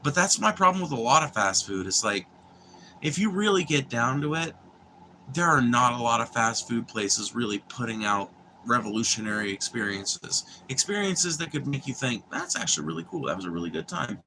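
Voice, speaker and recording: A man's voice: medium pitch, expressive, normal speed, pushed and bright, slight background noise. Rambling, profane young man. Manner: profane, meandering, restarts and filler words. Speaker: livestream host chatting with viewers. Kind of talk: casual rambling chat.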